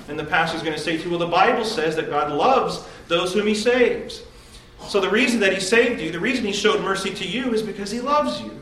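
Male pastor, emphatic devotional preaching, slightly high-pitched, recorded far off in a reverberant room. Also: fairly quick, fairly bright tone, slight background noise. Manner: earnest, emphatic preaching with rhetorical questions. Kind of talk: devotional sermon.

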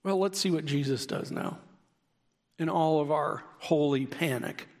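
A man preaching a sermon in a lively way, sometimes raising his voice to a shout for key lines. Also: fairly high pitch, a little slow, gravelly. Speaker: pastor. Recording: long hall reverb.

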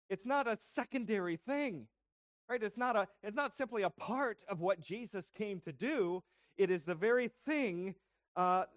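Male pastor, sermon delivery, high pitch, explanatory and questioning, dry recording. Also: dry recording. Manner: explanatory, asks rhetorical questions.

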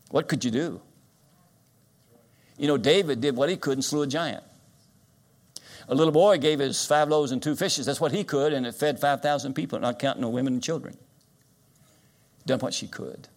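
An older man delivering a sermon from the pulpit. His voice sits at an ordinary pitch but keeps rising to loud, stretched-out peaks, then drops back to a hush. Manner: dynamic preaching, swings loud and soft. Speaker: guest preacher.

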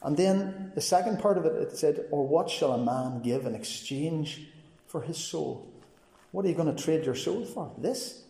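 A man's voice: on the high side, expressive, normal speed, vocal fry, mellow. A man giving a personal testimony sermon, telling his story earnestly and acting out what others said to him. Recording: reverberant hall.

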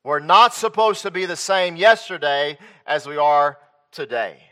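Emphatic preacher, high bright man's voice. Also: measured pace. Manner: dynamic preaching, swinging from loud emphatic peaks to low quiet asides; reads scripture aloud in King James wording. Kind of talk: sermon.

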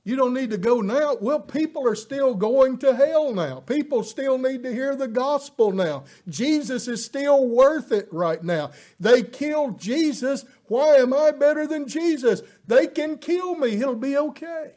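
A man's voice: extremely high pitch, animated, unhurried, hardly any pauses, dark tone. A middle-aged man preaching a sermon, impassioned and rising to emphatic peaks, with folksy asides and filler words.

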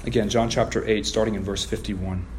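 A man's voice: fairly low pitch, flat delivery, fairly quick, a little hiss or hum. Man preaching an emphatic sermon. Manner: preaching with emphatic rising stresses. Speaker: pastor.

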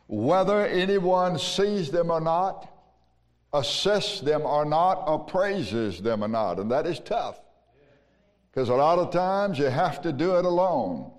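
A Southern American man preaching from the pulpit in a slow, deliberate cadence, his voice sitting a little high. His words ring out with the long reverb of a big church sanctuary. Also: a little mellow. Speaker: pastor. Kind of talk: sermon. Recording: long reverb of a large hall.

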